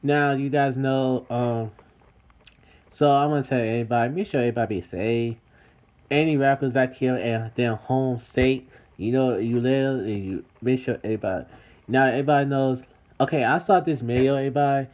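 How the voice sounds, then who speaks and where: A man from the United States speaks at medium pitch and normal speed with a darkish tone. He's a vlogger in the city talking casually to his viewers, repeating himself and calling out to "everybody."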